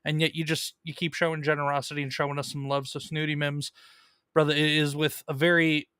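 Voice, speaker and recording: A man's voice: fairly high pitch, flat delivery, a little fast, pushed and bright, clean tone, no echo, studio quality. A man hosting a casual live stream about comic books, chatting loosely and reading viewer messages, with plenty of fillers and restarts.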